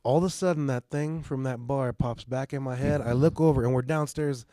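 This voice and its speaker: A middle-aged man casually telling a story on a podcast, animated and swearing, often asking "you know what I mean". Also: mid-range voice, fairly quick, no echo, studio quality. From Mexican heritage. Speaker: podcast host.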